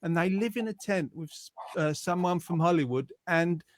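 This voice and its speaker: A man hosting a casual live stream, chatty and joking with quick asides. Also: a little high, slight background noise. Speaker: host. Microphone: close mic.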